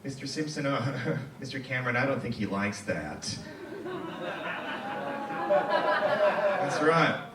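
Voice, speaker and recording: A man doing a stand-up comedy set in a comedy club, with a quick, playful delivery and loud acted quotes. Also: medium pitch, big pitch swings, echoey room, recorded from a distance, a faint crowd, a little hiss or hum.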